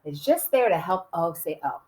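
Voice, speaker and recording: A woman teaching a writing lesson to young children, sounding out letters slowly and cheerfully. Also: fairly low pitch, sing-song, a little mellow, echoey room.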